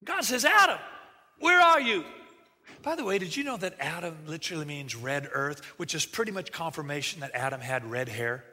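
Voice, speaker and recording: Animated preacher man in a reverberant hall. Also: a little high, brisk, hardly any pauses. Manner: animated, acts out quoted voices, jokey asides. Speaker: pastor. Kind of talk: sermon.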